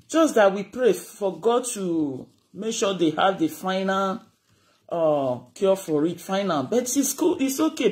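A speaker with a Nigerian accent in a casual rant to camera, animated and scolding, switching between Pidgin and Yoruba. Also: medium pitch.

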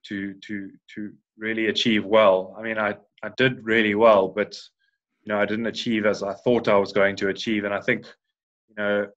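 A South African man in his thirties, a former Paralympic swimmer, guests on a casual podcast interview and rambles with plenty of restarts and fillers. His voice is on the low side and fairly bright, with little pitch movement and a moderate pace. The sound is dull and lo-fi.

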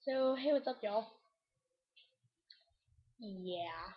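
Goofy young girl rambling in a random vlog, slow and bouncy voice, lo-fi webcam sound. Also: on the high side, animated. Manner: goofy, rambling, jumps into silly bits and shrieks. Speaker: vlogger. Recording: dull lo-fi webcam audio.

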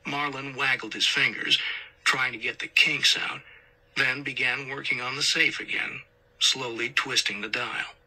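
Husky male audiobook narrator. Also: mid-range voice, steady tone, unhurried, sharp tone, poor audio. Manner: acts out tense whispered dialogue. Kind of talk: scripted narration.

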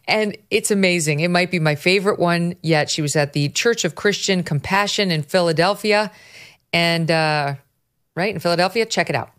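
A middle-aged woman hosts a political talk show in a fairly low voice. She sounds mocking and amused and laughs easily as she talks. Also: normal speed, fairly bright tone, clear, resonant tone. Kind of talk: casual political commentary.

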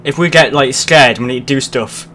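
A man commentating his horror game playthrough, swearing a lot and shouting at the game when it frightens him. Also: mid-range voice, moderate pace, slight background noise. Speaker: let's play host. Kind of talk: gaming commentary.

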